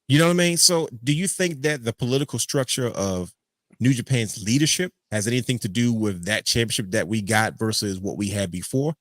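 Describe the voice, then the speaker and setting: A man hosting a casual podcast chat, animated and joking as he rants. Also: medium pitch, brisk, no echo. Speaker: podcast host.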